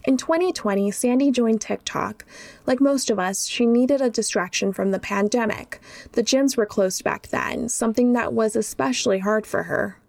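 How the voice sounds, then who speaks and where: A woman narrates a documentary and asks interview questions in even, measured sentences. Her voice sits high with a gravelly fry, and it is still clear.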